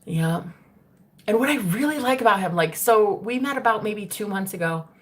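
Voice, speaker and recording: A woman's voice: mid-range voice, lively intonation, moderate pace. A young adult woman talking casually to her stream viewers, chatty and swearing freely. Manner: chatty, swearing, laughing often. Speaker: spiritual streamer.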